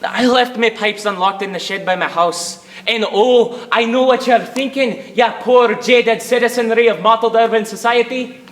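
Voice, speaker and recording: Ranting theatrically, the young student competitor voices a self-pitying, complaining Scottish shepherd with a fake Scottish accent in a comic interpretation piece. He speaks at normal speed in a very high, fairly bright voice.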